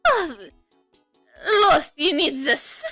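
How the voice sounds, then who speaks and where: A woman's voice: high voice, big pitch swings, very slow, sharp tone, no room sound, studio quality, soft background music, heavily acted. A woman putting on a flamboyant French chef, gushing. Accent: mock French. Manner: theatrical, gushing, fumbling words. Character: flamboyant male French restaurant owner.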